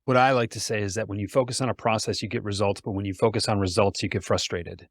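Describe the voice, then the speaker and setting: A man's voice: fairly low pitch, fairly even intonation, fast, no echo. A man who is a guest on a podcast, talking casually and emphatically in punchy sayings, repeating words as he builds a point. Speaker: sales trainer, podcast guest. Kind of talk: casual conversational interview.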